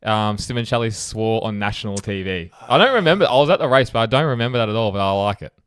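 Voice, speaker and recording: A young man chats casually as a podcast co-host, reading out listener comments and dropping the odd swear word. His voice comes across smooth and resonant, recorded close and dry. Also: fairly low pitch, animated, quick pace, fairly bright tone, no room sound. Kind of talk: casual chat.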